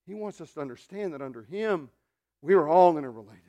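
A man preaching a sermon as pastor, dropping to hushed murmurs and rising to loud, animated preaching, with joking asides to the congregation. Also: on the high side, brisk.

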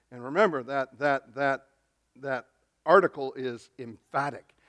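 A pastor preaching a sermon, swinging from hushed, near-whispered lines to loud, emphatic ones. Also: male voice, mid-range voice, moderate pace.

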